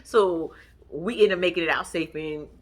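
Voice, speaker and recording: A woman's voice: on the low side, moderate pace. A woman hosting a casual vlog, swearing freely and laughing as she tells stories straight to her viewers. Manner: profane, animated, talks straight to viewers as y'all. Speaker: vlog host recapping a TV episode. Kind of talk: casual storytelling commentary.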